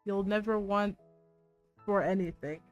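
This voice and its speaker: Woman reading a kind young reaper boy, slow and gentle, quiet music behind. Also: medium pitch, fairly even intonation, lightly acted. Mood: tender. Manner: gentle, tender reassurance. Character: caring young male grim reaper. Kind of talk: reading a game's dialogue aloud.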